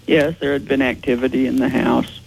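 A man's voice: mid-range voice, level tone, brisk, gravelly, a little hiss or hum, rough recording. A man answering interview questions as a ghost investigator, explaining in a matter-of-fact way.

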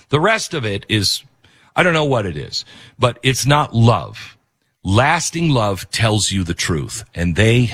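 Male commentary host, impassioned and preachy, lively pitch, dry close sound. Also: a little slow, husky, no echo. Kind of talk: opinion commentary.

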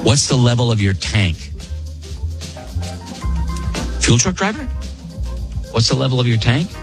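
A man's voice: mid-range voice, moderate pace, music in the background. A man hosting a radio show, chatting casually and joking as he reads listener emails. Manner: animated, joking, laughs often. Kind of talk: casual on-air banter reading listener emails.

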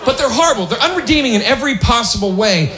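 A man's voice: extremely high pitch, expressive, quick pace, sharp tone, echoey room, a faint crowd. A male stand-up comedian ranting incredulously, slipping into mocking voices.

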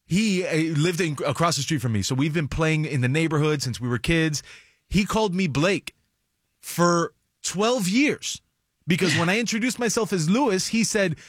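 A man with a fairly high voice chats on a talk show and acts out what his family says. The sound is dry and close, with no room echo. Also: normal speed. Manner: playful storyteller, acts out family quotes. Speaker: co-host. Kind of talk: casual chat.

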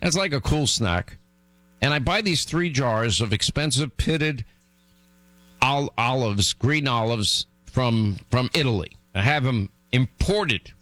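A man's voice: measured pace, dry recording, faint music behind. A middle-aged man hosting a radio show, telling rambling comic stories and teasing his co-host. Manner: animated, teasing, jumps up in pitch for exasperated asides. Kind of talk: rambling comic storytelling on air.

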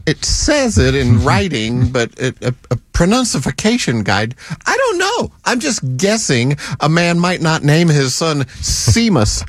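A man's voice: on the high side, big pitch swings, measured pace, few pauses, no room sound, studio quality. A man co-hosting a casual talk show, tossing in playful, jokey interjections. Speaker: co-host. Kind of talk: casual banter.

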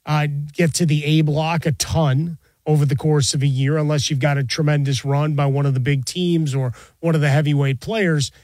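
A man hosting a sports talk show, agreeing with his co-host and adding steady commentary. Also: on the high side, moderate pace, few pauses, no echo. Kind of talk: casual radio chat.

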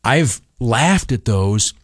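A man's voice: medium pitch, expressive, extremely slow, no echo, studio quality. An older man telling a humorous story on the radio, acting out the dialogue in raised voices. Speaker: radio commentator.

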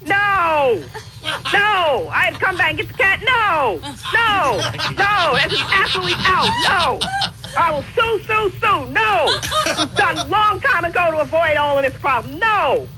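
A woman on a phone call, stubborn and insistent, repeating herself and raising her voice to shouting at times. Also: extremely high pitch, animated, a little slow, heavy background noise. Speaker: prank call target.

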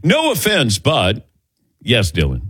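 A man's voice: medium pitch, slow pace, husky, no echo. A man hosting a sports talk show, telling stories with wry asides. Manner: animated storytelling, wry asides. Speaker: sports radio host.

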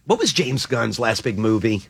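A man hosting morning radio, playful and animated, laughing often through studio banter. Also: medium pitch, moderate pace, creaky, husky, dry recording. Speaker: radio host.

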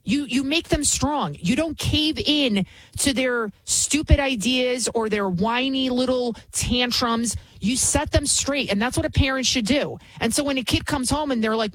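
Filling in as host of a talk radio show, a woman with a high voice speaks at a moderate pace over poor audio. She gives a blunt, indignant opinion monologue, repeating lines for emphasis.

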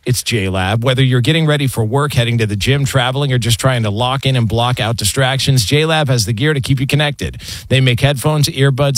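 A man's voice: medium pitch, no echo. A man hosting a sports radio show, joking with co-hosts and reading ads. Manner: laughs often, reads ads smoothly. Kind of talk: casual sports radio banter and ad reads. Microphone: studio mic.

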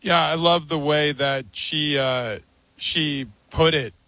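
A man on a sports talk panel, speaking in an earnest, measured way. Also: fairly high pitch, fairly even intonation, sharp tone, dry recording.

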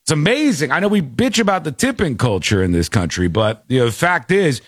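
A man's voice: fairly high pitch, sing-song, a little fast, no room sound. A man hosting a talk show, chatting casually and reading listener comments aloud from his home studio. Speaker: show host.

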